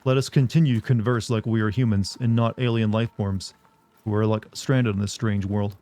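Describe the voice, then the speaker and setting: A man's voice: lowish voice, steady tone, normal speed, darkish tone. A young man who streams games and rambles and jokes casually with his viewers. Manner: rambling, joking, chats with viewers. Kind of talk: casual live-stream chatter.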